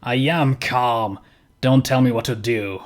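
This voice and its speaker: A man's voice: medium pitch, measured pace, lightly acted. A man voicing an envious middle-aged scientist father who speaks in a cold, contemptuous, menacing way. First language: German.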